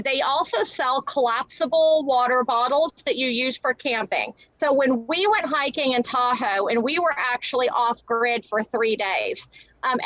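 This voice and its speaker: A woman guest on a live interview, talking casually and quickly about her product, with many fillers and restarts. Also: sits high, a bit bright, no room sound, dull audio. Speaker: guest entrepreneur.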